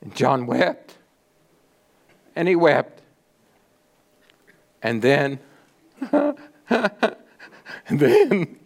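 A man preaching a sermon in a slow, dramatic delivery, with repeated rhetorical questions and lists, swinging from loud peaks down to near-whispers. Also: a little high. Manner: repetitive rhetorical cadence. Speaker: pastor.

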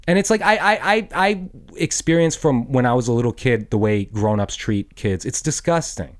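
A young man delivers an angry, profane rant in a rambling monologue. His voice jumps from high, loud bursts down to low mutters, and he keeps restarting his sentences. Blunt and crude throughout. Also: animated, moderate pace. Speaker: podcast host.

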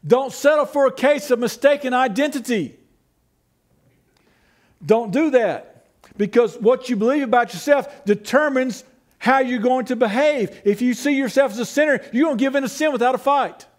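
A man preaching a sermon as pastor, conversational, asking rhetorical questions and teasing the congregation. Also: very high-pitched.

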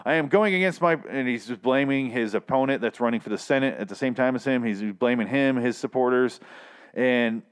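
A man's voice: medium pitch, steady tone, brisk, smooth. A young man casually recapping a TV episode, swearing freely and acting out the characters' lines. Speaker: TV recap vlogger.

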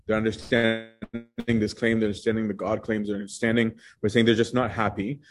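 A man with a somewhat low voice teaches a relaxed Bible study group. He talks conversationally, checking in with "right?" and restarting his sentences as he explains a passage. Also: a little fast.

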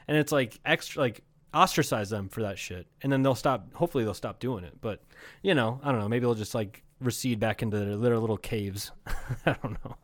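A man's voice: mid-range voice, fast, no room sound. A man co-hosting a comedy podcast, chatting casually and rambling, swearing freely. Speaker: podcast co-host. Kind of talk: casual chat.

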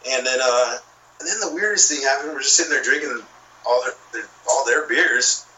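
A man's voice: mid-range voice, brisk, sharp tone, far from the mic, slight background noise, rough recording. A man telling a long, rambling story in casual chat, with plenty of swearing and filler. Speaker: podcast guest.

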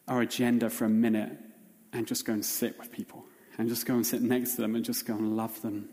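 A man's voice: mid-range voice, darkish tone. A man preaching a sermon as pastor, earnest and emphatic, repeating phrases as he builds his point. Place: church hall. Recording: reverberant church hall.

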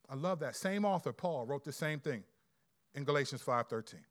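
A pastor with a voice on the high side preaches a sermon. He's conversational and animated, tossing in quick asides.

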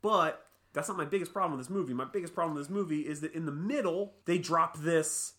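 Bright-voiced ranting podcast host. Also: medium pitch, fast. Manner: ranting, profane, animated. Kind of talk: casual movie-review chat.

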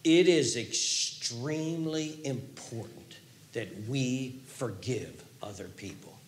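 A male pastor preaching a sermon, telling a story in an animated way that swings from hushed to loud. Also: medium pitch, slow, reverberant, a little hiss or hum.

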